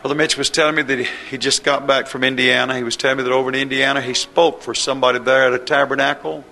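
A man's voice: mid-range voice, level tone, fast, gravelly, pushed and bright, faint music behind. A man preaching a sermon with an impassioned, rising and falling cadence.

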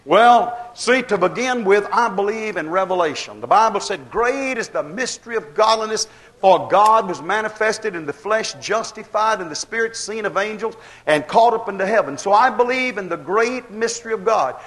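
A man with a high voice delivers a fervent sermon in a drawl. He drives his points home with rhetorical questions to the congregation and acts out the voices he quotes. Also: expressive, normal speed, fairly bright tone. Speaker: preacher.

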